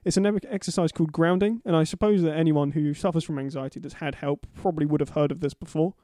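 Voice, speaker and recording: A man's voice: fairly high pitch, fairly even intonation, quick pace, warm tone, dry recording, clean studio sound. A young man co-hosting a casual podcast chat, agreeable and a little hesitant, with restarts. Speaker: podcast co-host.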